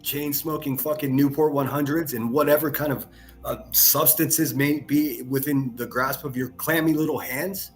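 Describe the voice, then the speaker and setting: A man's voice: mid-range voice, fairly even intonation, normal speed, faint music behind. A man hosting a reaction commentary, mocking and sarcastic, with heavy profanity. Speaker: commentary channel host.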